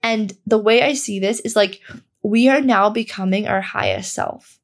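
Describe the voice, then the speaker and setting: Gravelly, casual woman podcast host. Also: mid-range voice, moderate pace. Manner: casual and candid, swears freely, heavy use of "like". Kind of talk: self-help podcast monologue.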